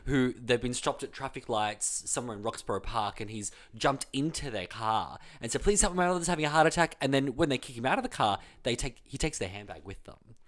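A man's voice: medium pitch, a little fast, few pauses. A man with an Australian accent telling a story in casual chat, acting out the people he quotes. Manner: animated storyteller, acts out voices in quotes.

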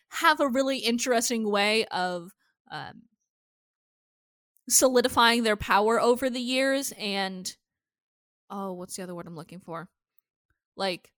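A woman podcast host talks through a show's episode in loose, casual chat. Her voice sits on the higher side, animated and full of casual swearing. The sound is dry, with no room around it. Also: no room sound. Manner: animated, swears freely, acts out characters' lines.

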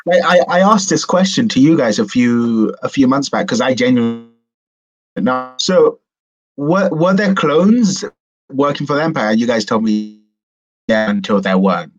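A man co-hosting a casual chat, eager and quick to jump in, often stammering and restarting. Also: mid-range voice, expressive, muffled recording.

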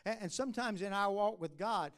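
A man preaching a sermon at a church conference, talking in a conversational way with halting restarts, rising to emphatic lines and dropping low and soft at asides. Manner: halting restarts and drawn-out uh fillers.

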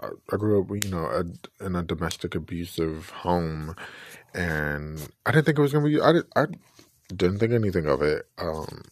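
A man's voice: low-pitched, expressive, moderate pace. A man giving a casual, rambling video review, often correcting himself and speaking openly about personal feelings. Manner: rambling, self-correcting, emotionally open. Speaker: vlogger reviewing a documentary.

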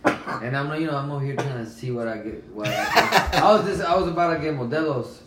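A man in casual podcast banter, telling stories in an excitable way. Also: fairly high pitch, a little fast. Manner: excitable, animated storyteller. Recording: roomy room with background noise.

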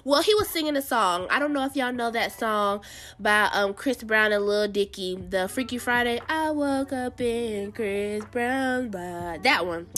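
A woman's voice: fairly high pitch, fairly bright tone. A woman hosting a show, giving casual pop-culture commentary in a blunt, sassy way and talking straight to her viewers. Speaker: show host.

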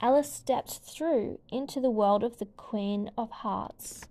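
A woman reading a children's storybook aloud as narrator, gentle and clear. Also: fairly high pitch, takes it slowly.

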